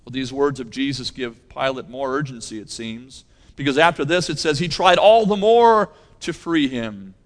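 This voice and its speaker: A man preaching a sermon as pastor, emphatic, repeating key phrases and swinging between loud and hushed delivery. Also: medium pitch, normal speed, big-room sound.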